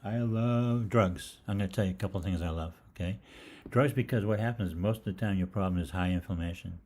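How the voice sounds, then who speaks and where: An older man with a deep, low-pitched voice hosts a live question-and-answer session. He drifts from one anecdote to the next, joking and swearing casually as he goes. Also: quick pace, darkish tone, breathy edge. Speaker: host of a live health Q&A.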